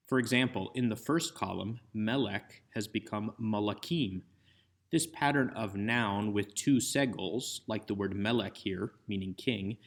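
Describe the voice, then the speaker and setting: A man with a low voice delivers a recorded grammar lecture over slides. He walks through each point methodically, step by step, like an instructor going over a chart. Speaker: Hebrew instructor.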